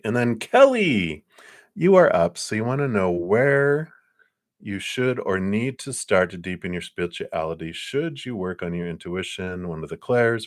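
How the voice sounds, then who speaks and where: A man giving a live tarot reading in a gentle, reassuring, meandering way, with many fillers. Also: sits low. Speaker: psychic tarot reader.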